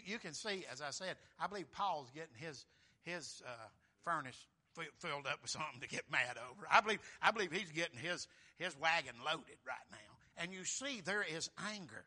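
A man preaching a fervent, folksy sermon. He surges in force on key phrases and calls out "Amen?" to the congregation. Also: pushed and bright. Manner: fervent, surging in pitch and volume on key phrases.

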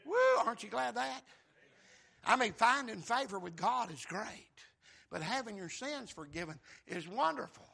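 A man, preaching a fervent sermon that keeps bursting into shouts. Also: high-pitched, animated, moderate pace, vocal fry, slightly rough, some chatter behind.

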